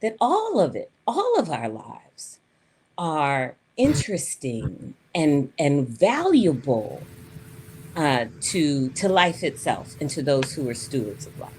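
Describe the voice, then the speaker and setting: Laughing, animated storytelling woman. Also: low voice, takes it slowly, slight background noise. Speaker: panel speaker. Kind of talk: personal storytelling.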